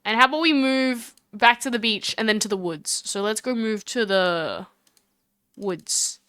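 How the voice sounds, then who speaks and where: A woman's voice: mid-range voice, measured pace, a bit bright, smooth, no room sound. A woman streamer giving chatty, giggly commentary while playing a game and talking to her chat on a close desk mic. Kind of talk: casual let's-play commentary.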